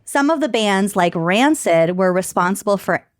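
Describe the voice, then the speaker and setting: A woman's voice: medium pitch, lively intonation, moderate pace, no room sound. Woman, from Minnesota, podcast co-host, reads quotes aloud, crude casual jokes, dry close sound. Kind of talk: casual chat reading from an article.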